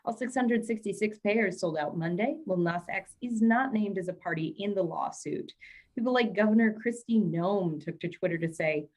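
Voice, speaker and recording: A woman's voice: medium pitch, normal speed, a little mellow. A woman co-hosting a casual show, reading news aloud with dry, teasing asides. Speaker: podcast co-host.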